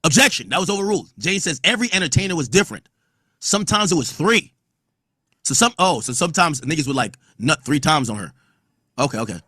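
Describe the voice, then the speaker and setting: A man with a voice on the high side hosts a podcast, very animated and quick, his tone pushed, bright and husky. He reads court testimony aloud and riffs on the quotes in blunt, profane, casual commentary. The recording is dry and studio quality.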